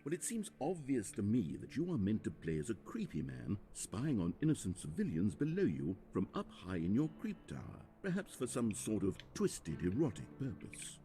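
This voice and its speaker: A man's voice: fairly low pitch, huge pitch swings, normal speed, few pauses, dark tone, faint music behind. A man playing a dry, sarcastic narrator in a video game, speaking with mock-earnest irony. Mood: mock-fascinated. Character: wry, sarcastic male game narrator, middle-aged.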